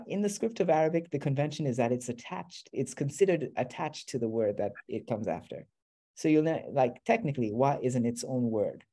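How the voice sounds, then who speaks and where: A man's voice: mid-range voice, dark tone. A man teaching a beginner class, explaining patiently step by step. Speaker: Arabic teacher.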